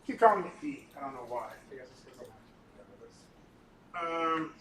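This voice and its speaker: Guy teaching an animation class, kinda high voice, keeps saying right? and um. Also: animated, normal speed, a bit bright. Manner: casual, talkative, keeps tagging on "right?"; frequent ums and restarts. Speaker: animation instructor. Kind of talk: recorded class lecture with screen demo.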